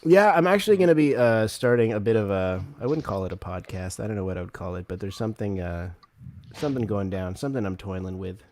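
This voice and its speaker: A man co-hosting a casual comedy podcast, rambling and joking, acting out quick bits of other people. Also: fairly low pitch, a little mellow, a little hiss or hum. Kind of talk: casual chat.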